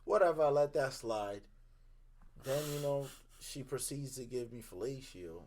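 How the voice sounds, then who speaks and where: A young man and podcast co-host, telling a story in casual chat. He talks in an animated way, acts out the quotes and laughs along. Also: medium pitch, unhurried, a little hiss or hum. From Dominican heritage.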